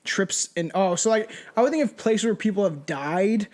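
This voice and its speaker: A man's voice: sits high, animated, normal speed. A man co-hosting a podcast in casual, profane chat, laughing as he tells stories over drinks. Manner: loose, profane, laughing storyteller. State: drinking shots. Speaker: podcast co-host.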